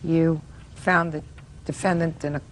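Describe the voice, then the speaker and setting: An older woman judge from the United States grills the people before her in blunt, pressing questions. Her voice sits a touch low, and she cuts in whenever an answer drifts. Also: steady tone, measured pace, slight background noise. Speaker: courtroom judge. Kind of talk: courtroom questioning.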